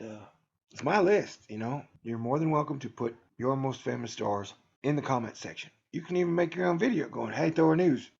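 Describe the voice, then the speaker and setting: A man talks in a loose, sarcastic monologue for his own video channel, rambling and laughing at his own jokes. His voice is gravelly and a little husky at a middling pitch. The recording sounds dull and lo-fi. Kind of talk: casual joking monologue.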